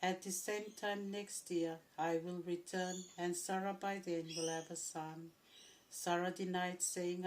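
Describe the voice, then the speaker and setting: Woman reading scripture in a flat voice. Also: on the low side, rough recording. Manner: steady, even reading with occasional throat clearing. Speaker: scripture reader. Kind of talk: Bible reading.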